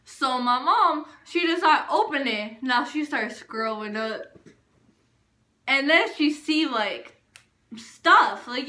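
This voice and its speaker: A young woman casually telling a storytime vlog, animated and full of filler words. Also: high-pitched, echoey room, a little hiss or hum. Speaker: vlogger.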